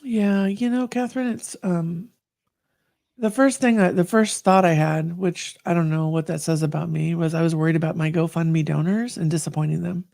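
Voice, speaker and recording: A woman guest telling her story in a candid conversation, earnest and animated. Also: fairly low pitch, moderate pace, vocal fry, dry recording, clean studio sound.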